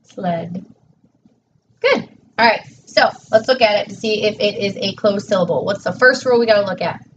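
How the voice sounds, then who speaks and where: A woman's voice: medium pitch, fast talker. A woman teacher tutoring a child one-on-one in a patient, encouraging way, praising each answer. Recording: distant dull mic with faint noise.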